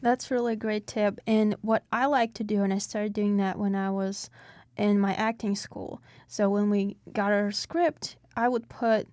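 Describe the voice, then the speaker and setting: Woman, interview host, chatty and enthusiastic, mid-pitched voice, dry sound. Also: steady tone, measured pace, a little mellow, no echo. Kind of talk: interview conversation.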